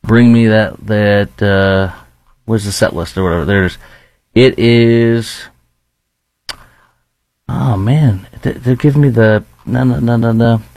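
A man's voice: fairly low pitch, fairly even intonation, slow pace, pauses often, darkish tone, no room sound, low-quality recording. Brief: Chicago-accented man, host, scornful rant, dry close sound. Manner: blunt, scornful, rambling with fillers. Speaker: commentary host. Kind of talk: ranting opinion commentary.

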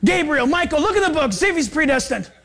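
A woman preacher putting on a panicked, fussing God who shouts in mock alarm. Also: high-pitched, very animated, fast, pitched above the performer's own voice, exaggerated voice. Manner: exaggerated, raised and shouting.

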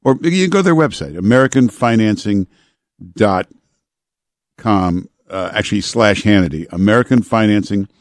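Relaxed low-voiced male radio host. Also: no room sound, clean studio sound. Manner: relaxed, unhurried, lots of filler uhs. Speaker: radio talk show host. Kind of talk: casual talk radio chat and live ad reads. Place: radio studio.

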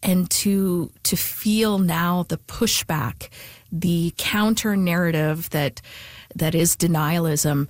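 A woman's voice: on the low side, slow pace, no echo. A woman author being interviewed, speaking thoughtfully with frequent fillers and restarts. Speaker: author and guest. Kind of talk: conversational interview.

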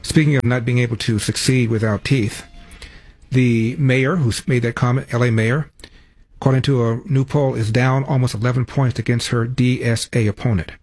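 A man's voice: mid-range voice, fairly even intonation, a little mellow, dry recording. A man hosting a talk radio show, reading phone numbers and sponsor plugs and giving brash commentary. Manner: brash, self-promoting, quick ad reads.

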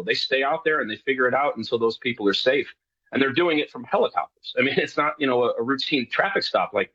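A man's voice: medium pitch, a bit bright, dry recording. Guy from new york, talks loose with lots of uhs, sounds kinda muffled and dry. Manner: rambling, many fillers and restarts. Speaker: guest, show co-host. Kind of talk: casual radio interview.

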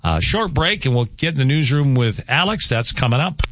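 A man's voice: mid-range voice, a little fast, no room sound, studio quality. A man hosting a morning radio show, reading the weather and teasing callers in casual banter. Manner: joking, animated, teasing. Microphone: studio microphone.

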